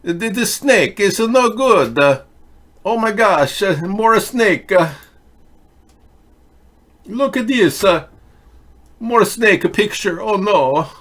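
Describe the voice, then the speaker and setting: A man putting on a mock Italian accent as an excitable older cleric figure, high and loud. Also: slow, pauses often, heavily acted. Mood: indignant.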